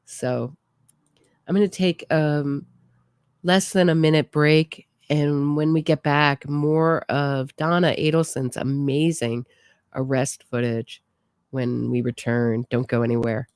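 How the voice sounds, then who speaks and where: A woman's voice: sits low, steady tone, slow pace, a little mellow, clean tone, no echo, studio quality. A woman hosting a true crime show, chatting casually and amused as she reacts to footage. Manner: amused, chatty, laughs often. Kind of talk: casual live-stream reaction commentary.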